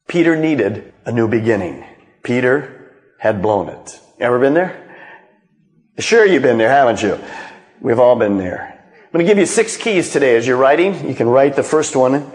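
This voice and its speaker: A male pastor preaching a sermon as a dramatic storyteller who acts out the quotes. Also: fairly high pitch. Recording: long reverb of a large hall.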